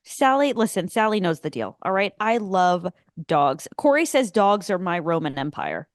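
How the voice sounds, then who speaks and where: A woman's voice: fairly low pitch, big pitch swings, moderate pace, no echo, clean studio sound. A woman co-hosting a podcast in casual chat, emphatic and exasperated, swearing at times. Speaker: podcast co-host.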